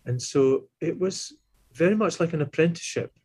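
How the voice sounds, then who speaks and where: A man in his sixties, a tuba player and teacher, telling stories in a relaxed, animated way and acting out the voices he quotes. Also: a little high, moderate pace, husky. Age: 60s. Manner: animated, acts out quoted voices, chuckles often. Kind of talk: relaxed anecdotal storytelling.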